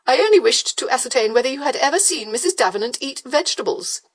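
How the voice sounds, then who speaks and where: A woman voicing a foppish, theatrical Regency gentleman in an audiobook, affected and exclaiming. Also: sits high, expressive, quick pace, pitched above the performer's own voice. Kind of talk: audiobook character voice.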